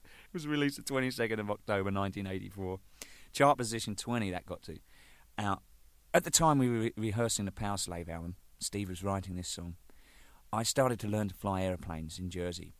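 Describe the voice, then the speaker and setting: A man, a band drummer telling anecdotes in an animated way, swearing freely and laughing at his own jokes. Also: on the low side, normal speed, no echo. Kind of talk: anecdotal storytelling.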